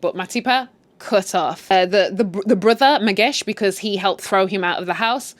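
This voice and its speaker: A woman retelling a drama series in an animated, chatty way, adding her own commentary. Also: moderate pace, no room sound. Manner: animated, chatty, swings in pitch for emphasis. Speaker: storyteller. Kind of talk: casual story retell with commentary.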